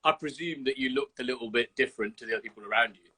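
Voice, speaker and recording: A man's voice: mid-range voice, very fast, pushed and bright, breathy edge. A man from Birmingham hosting a casual interview over a video call, chatty and blunt, swearing freely. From Birmingham, England. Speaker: host.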